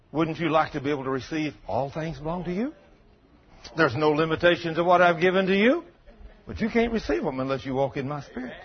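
Preacher guy, husky voice, kinda high, telling stories in a sermon, muffled recording. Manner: folksy storytelling, acts out both sides of a dialogue. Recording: dull lo-fi recording.

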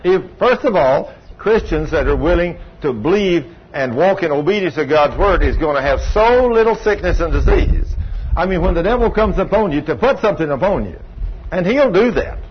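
A pastor with a voice on the high side and lively intonation preaches at a moderate pace. His sermon is folksy, full of stories in which he acts out what people say. The sound is dull and lo-fi, with a faint hiss.

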